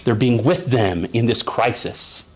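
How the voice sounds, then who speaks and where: A male therapist gives a conference presentation, telling stories conversationally, acting out parent and child voices, and often asking the audience "right?" to check in. His mid-range voice is slightly rough and a little slow.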